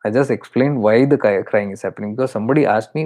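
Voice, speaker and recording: A man's voice: on the low side, quick pace, hardly any pauses, a little mellow. A man with an Indian accent, a spiritual teacher explaining awareness in an earnest, repetitive way. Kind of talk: spiritual talk.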